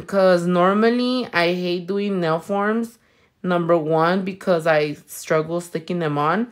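Speaking slowly in a fairly low-pitched voice, a woman from California with a Californian accent does nails for a living and chats playfully while working and reading comments. Swearing comes easily to her, and she sprinkles Spanish words into her speech.

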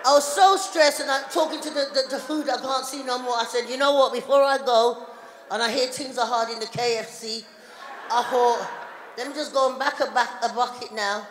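A middle-aged woman performing a stand-up comedy routine, telling an animated story full of voiced characters. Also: on the high side, brisk, a little hiss or hum. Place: town hall stage. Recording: live in a reverberant hall.

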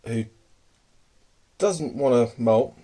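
A man's voice: mid-range voice, expressive, drawn-out words, warm tone. A man casually showing his pet tarantulas at home, hesitant and full of ums, murmuring fondly to his pets. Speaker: tarantula keeper. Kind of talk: casual hobby video.

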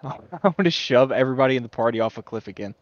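A man's voice: medium pitch, lively intonation, fast, dry recording, dull audio. A man playing in a tabletop game, laughing, swearing and reading from his notes. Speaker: player. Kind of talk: casual chat at a tabletop game.

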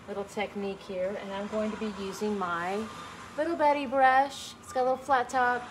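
A middle-aged woman teaching a live online painting class in a gentle, chatty way, greeting viewers by name as she works. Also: mid-range voice, slight background noise, poor audio. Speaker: painting instructor.

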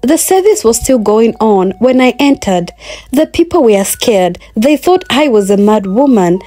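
A woman's voice: on the high side, animated, measured pace, warm tone. A woman narrating a first-person moral folktale, speaking in an earnest, moralizing way. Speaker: storyteller.

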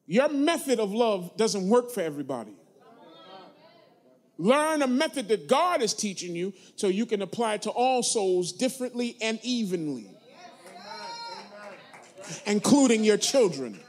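High-voiced preaching man. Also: big pitch swings, a little slow, pauses often. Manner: preachy, call-and-response with the congregation; swings between low asides and loud emphatic preaching. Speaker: pastor. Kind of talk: sermon.

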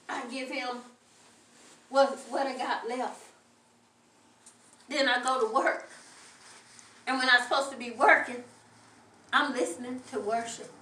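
Fervent high-voiced woman preacher. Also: sharp tone, a little hiss or hum. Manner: fervent, repetitive preaching cadence. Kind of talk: sermon. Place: church sanctuary. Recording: echoey room from far off.

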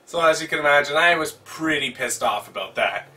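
A young man tells a story to the camera at home in an animated, excitable way. His voice sits a little high and sounds bright and forceful, picked up from some distance away from the mic. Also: fairly quick. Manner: animated, excitable retelling with swearing. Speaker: vlogger. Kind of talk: casual storytelling chat.

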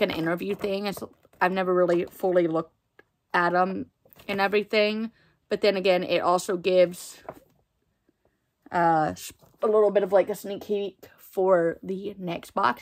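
A young woman chatting casually as she unboxes items for her book vlog, excitable and full of fillers. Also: lowish voice. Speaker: book vlogger.

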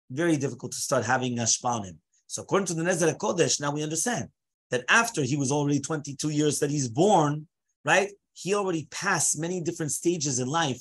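A man's voice: a little high, fairly bright tone, breathy edge. A man teaching a Torah class as a rabbi, mixing Hebrew phrases into English and asking rhetorical questions.

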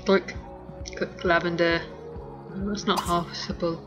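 Slow, rambling woman gaming. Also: lowish voice, little pitch movement, over music. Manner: rambling, giggly, thinking aloud with many pauses. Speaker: let's play host. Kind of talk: casual gameplay commentary.

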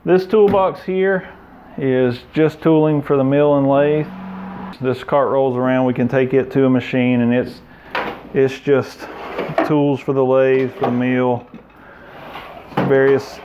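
A man giving a relaxed, plain-spoken tour of his indoor workshop, pointing out machines and tools. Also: medium pitch, slow, highs cut off, noisy background. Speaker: shop owner giving a tour. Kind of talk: casual walkthrough tour.

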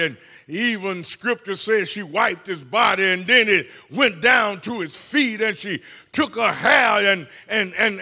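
A male preacher with a very high, bright voice and a husky edge delivers a sermon in a church. He shouts in bursts, stumbles over repeated words and keeps calling out to the congregation. His pitch swings widely from line to line. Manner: calls "hello, somebody" to the congregation. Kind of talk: Mother's Day sermon. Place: church sanctuary.

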